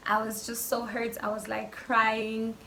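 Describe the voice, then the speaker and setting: Young-sounding South African woman, casual phone-recorded vlogger, animated and chatty, slightly high voice, a faint background hiss. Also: a little slow. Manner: animated, chatty, lots of fillers. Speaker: YouTuber. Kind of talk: casual storytime vlog. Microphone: phone camera.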